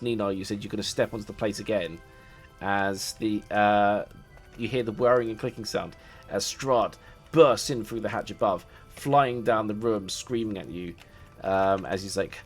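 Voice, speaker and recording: A man narrating as game master, loose and hesitant, often laughing. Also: fairly low pitch.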